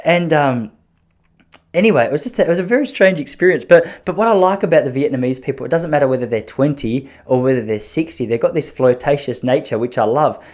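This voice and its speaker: A man hosting a podcast, telling long self-mocking stories in an animated way, with frequent restarts. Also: mid-range voice, quick pace, few pauses. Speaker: podcast host. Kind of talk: storytelling podcast chat.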